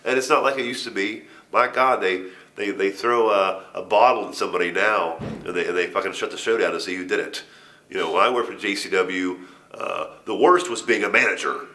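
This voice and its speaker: A man's voice: deep voice, a little fast, bright, forceful tone. A middle-aged man in an interview, telling a story in a casual way with a lot of swearing, laughter and stammered restarts. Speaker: interview guest, wrestler.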